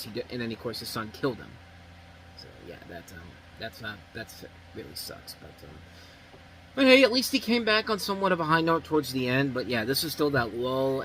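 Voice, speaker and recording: A man's voice: mid-range voice, bright, forceful tone, slight background noise, low-quality recording. A man reviewing movies in casual talk, blunt and rambling with many restarts.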